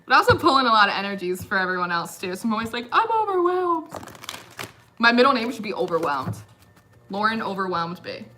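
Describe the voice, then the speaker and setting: Bright-voiced chatty young woman tarot reader. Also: medium pitch, lively intonation, fast talker, a little hiss or hum. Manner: chatty, giggly, uses lots of fillers. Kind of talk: casual tarot reading chat.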